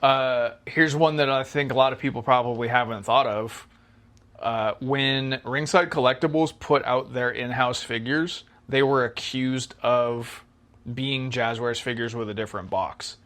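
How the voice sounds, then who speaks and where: A young man with a medium voice co-hosts a casual podcast chat. He talks knowledgeably and at length, filling his pauses with ums and likes. His tone stays easygoing as he explains. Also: medium pitch, fairly even intonation, fairly bright tone. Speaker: podcast co-host.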